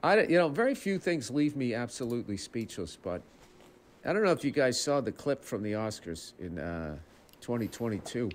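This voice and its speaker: A man's voice: mid-range voice, big pitch swings, moderate pace. A man delivering dramatic, emphatic video commentary as a podcaster.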